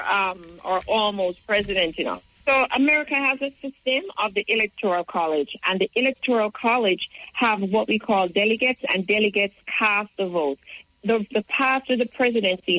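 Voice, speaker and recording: A woman speaking as a guest on a talk show, explaining politics in an articulate, measured way. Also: medium pitch, fairly bright tone, poor audio. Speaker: guest commentator. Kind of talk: political discussion.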